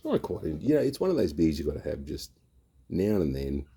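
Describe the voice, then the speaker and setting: A man's voice: rumbling low, big pitch swings, brisk, creaky, mellow, slightly rough. A middle-aged Australian man telling a rambling, slangy yarn on his beer review vlog, swearing freely as he goes. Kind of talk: casual storytelling.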